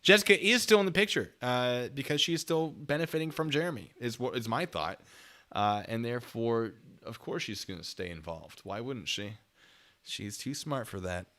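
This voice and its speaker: A man's voice: medium pitch, animated, normal speed, fairly bright tone. A man hosting a casual livestream, chatting with viewers, laughing often and reading out donations. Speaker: streamer reacting to videos.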